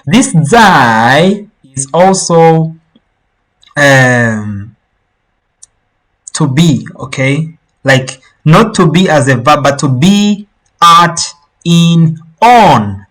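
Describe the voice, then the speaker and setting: Language teacher, slow delivery, middle pitch, patient repetition. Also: a bit bright, low-quality recording. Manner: explains slowly, repeats words for learners. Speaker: Mandarin teacher. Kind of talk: online language lesson.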